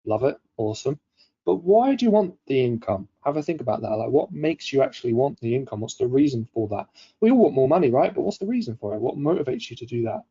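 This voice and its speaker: A man hosts a live-streamed coaching session, chatty and upbeat as he greets viewers and reads their comments aloud. His voice is deep, dark and mellow. The stream audio is a little dull and lo-fi. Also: very animated, quick pace, slightly rough. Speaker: webinar host.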